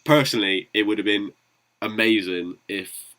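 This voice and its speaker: A man's voice: lowish voice, moderate pace, a bit bright, slight background noise, rough recording. A man co-hosting a sports podcast, hesitant and full of fillers. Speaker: podcast co-host. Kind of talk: casual debate.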